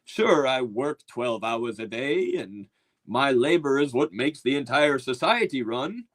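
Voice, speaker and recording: A man's voice: medium pitch, expressive, measured pace, a bit bright. A man putting on a meek, servile male commoner who speaks with prim, mock-posh deference.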